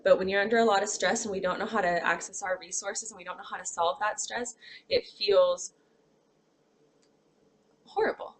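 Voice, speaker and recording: A woman's voice: medium pitch, steady tone, moderate pace, pauses often. A woman giving a classroom lecture, talking expressively and acting out examples with sighs and groans.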